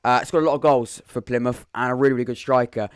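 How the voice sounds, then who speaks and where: A man's voice: mid-range voice, fairly even intonation, quick pace, clear, resonant tone, no room sound. Man, young adult, podcast host, casual live chat, rambling, dry close sound. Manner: rambling, thinks aloud while reading comments. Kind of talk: live-stream football chat.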